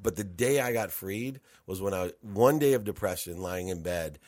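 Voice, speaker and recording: Emphatic low-voiced man telling his story. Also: animated, darkish tone, dry recording, studio quality. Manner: emphatic, repeats words, quick restarts. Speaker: podcast guest, entrepreneur and coach. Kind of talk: candid personal storytelling in conversation.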